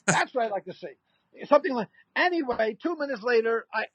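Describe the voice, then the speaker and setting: Animated older man telling comic stories. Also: extremely high pitch, brisk, no echo, dull audio. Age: 60s. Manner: animated anecdote-telling, acts out quoted voices. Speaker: comedian guest. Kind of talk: storytelling in a casual interview.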